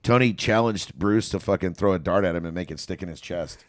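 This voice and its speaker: A man's voice: low-pitched, a little fast. A man telling profane stand-up stories in casual podcast chat, laughing and acting out the people in them. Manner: profane, laughing storyteller who acts out quotes.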